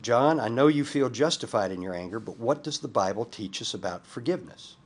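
A man reading the lines of a calm, gently probing Christian marriage counselor. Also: medium pitch, brisk, husky.

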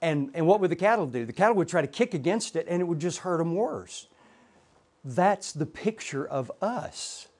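A man's voice: fairly high pitch, expressive, fast talker, hardly any pauses, a little mellow. A middle-aged man teaching a church Bible class, emphatic, repeating points and asking rhetorical questions.

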